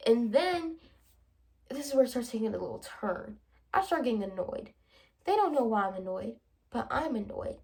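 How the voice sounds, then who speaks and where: A young woman vlogging in a casual, animated way, playfully acting out both sides of her conversations. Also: on the high side, moderate pace, long pauses. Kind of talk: casual chatty vlog monologue.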